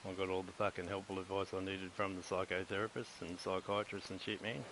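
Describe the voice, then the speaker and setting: A middle-aged Australian man with a very low voice rambles through a blunt, swear-heavy monologue, retelling his own conversations. A steady hiss sits under the recording. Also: a little fast. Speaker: live streamer.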